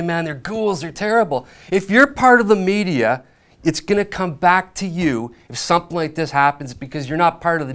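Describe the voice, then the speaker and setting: A man who works as a journalist, making his argument on a panel in a brisk, fluent way. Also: a little high, fairly bright tone. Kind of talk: opinionated panel talk.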